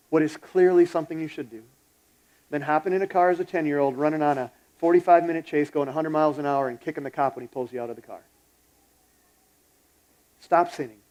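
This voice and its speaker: A man's voice: on the high side, a little mellow, rough recording. A pastor preaching a sermon in a blunt, exhorting, conversational way, retelling a story as he goes.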